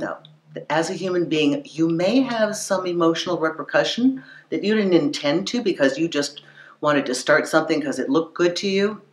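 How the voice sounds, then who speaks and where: A woman hosting a relationship advice show, answering a listener's letter in a conversational, emphatic way, with sudden loud bursts and quiet asides. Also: sits low. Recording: echoey room.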